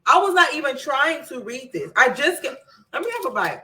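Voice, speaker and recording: A woman with a bright, forceful voice leads a relaxed book club review. She talks in a chatty, wandering way and stops and restarts as she reads passages aloud. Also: high voice, a little fast, low-quality recording. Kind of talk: casual book review with scripture reading.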